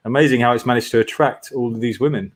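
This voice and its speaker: A man's voice: mid-range voice, fairly even intonation, fast talker. A man talking wryly in a casual group conversation. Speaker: panel member.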